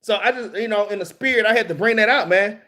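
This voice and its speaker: High-voiced preacher man, emphatic. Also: fast talker, pushed and bright. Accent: Southern US. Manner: casual and emphatic, peppered with "man" and "all right?". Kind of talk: street-style scripture teaching.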